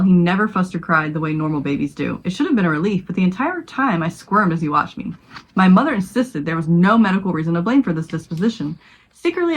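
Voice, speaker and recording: Low-voiced woman reading a spooky story. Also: low-quality recording. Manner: stumbles over words and laughs at her own slips. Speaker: podcast co-host. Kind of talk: reading a short horror story aloud.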